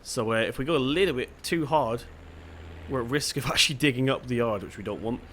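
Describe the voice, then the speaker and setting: A young man from Devon with a soft local accent talks casually over his gameplay. He thinks aloud in an easygoing, chatty way at an ordinary middle pitch. A faint hum of game sound sits behind his voice. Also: fairly quick. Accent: Devon English. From England (Devon). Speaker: gaming channel host.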